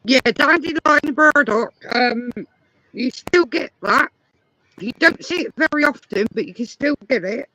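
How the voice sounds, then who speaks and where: A woman's voice: on the high side, lively intonation, unhurried, sharp tone, dry recording, poor audio. An English woman chatting casually, explaining things at length. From England. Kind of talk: casual chat.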